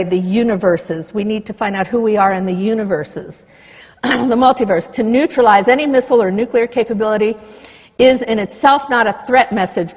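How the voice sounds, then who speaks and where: A woman giving a public talk, passionate and indignant, reading passages from papers between her own remarks. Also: a little high. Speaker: speaker. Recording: reverberant hall.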